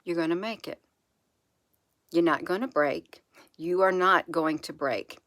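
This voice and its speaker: A woman speaking softly and reassuringly to her viewers, repeating phrases slowly in an encouraging spiritual monologue. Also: lowish voice, no echo. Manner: soft, repetitive, reassuring, with slow drawn-out phrases. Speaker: channel host.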